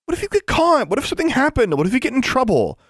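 A man's voice: very high voice, huge pitch swings, rapid-fire, fairly bright tone, no room sound, studio quality, pitched above the performer's own voice, heavily acted. A man voicing a proud, stubborn eleven-year-old witch girl who talks back smugly in an audiobook. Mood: mocking. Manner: smug, defiant, mocking.

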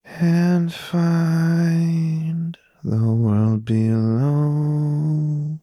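A man voicing an eerie young woman who half-sings, half-mutters a begging song in a soft voice. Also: on the high side, no room sound, clean studio sound, pitched above the performer's own voice. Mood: eerie singing. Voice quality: soft, half-sung, drawn-out. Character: eerie young woman singing softly in the dark.

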